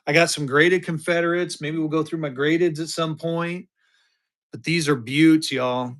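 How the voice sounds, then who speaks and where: A man's voice: on the high side, fairly even intonation, normal speed, fairly bright tone. A man hosting a live-stream auction, chatting upbeat with bidders and hyping each item as he sells it.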